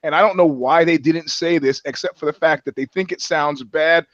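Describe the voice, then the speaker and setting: A man's voice: a little high, normal speed, a bit bright, no room sound, highs cut off. A man in casual comedic podcast chat, rambling and profane, restarting his sentences often. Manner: rambling, profane, full of restarts and put-on voices. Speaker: podcast co-host.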